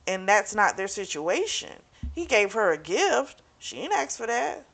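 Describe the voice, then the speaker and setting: A woman's voice: mid-range voice, big pitch swings, unhurried, vocal fry, a bit bright. A young woman casually recapping and reviewing a romance novel, chatty and frank, swearing freely and talking straight to her viewers. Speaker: book club vlogger.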